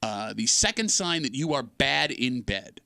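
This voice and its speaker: A man's voice: mid-range voice, measured pace, creaky. A young adult man hosting a radio talk show, reading out a list and joking in casual banter. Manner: animated, joking, reads out list items.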